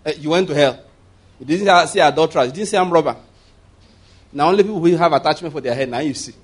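A man's voice: a little high, fast talker, husky. A man preaching a conversational sermon as pastor, rambling through asides and chuckling often.

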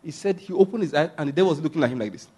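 Male preacher, high husky voice, emphatic sermon delivery that keeps quizzing the congregation. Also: animated, very fast, warm tone. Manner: emphatic, repeats key phrases, asks the listeners questions.

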